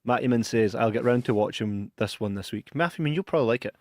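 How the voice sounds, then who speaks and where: A man's voice: mid-range voice, fast, dry recording, studio quality. A Scottish man co-hosting a podcast, telling stories in casual chat, swearing and laughing a lot. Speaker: podcast co-host.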